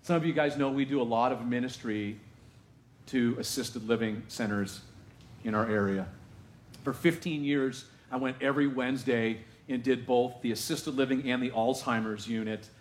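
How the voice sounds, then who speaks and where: A man's voice: medium pitch, moderate pace. A man pastor giving a sermon in a church, speaking in a conversational way with frequent asides to the congregation. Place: church sanctuary. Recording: echoey church room.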